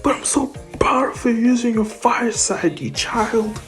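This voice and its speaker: Brief: fiery middle-aged hero dad, yelling in scolding pride, put on by a male fan narrator. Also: very high voice, measured pace, faint music behind, pitched above the performer's own voice. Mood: angry-proud. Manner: yelling, scolding yet proud.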